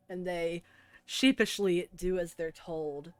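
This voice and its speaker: A woman narrating a tabletop game as game master, in calm, measured storytelling. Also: fairly low pitch, no echo, soft background music.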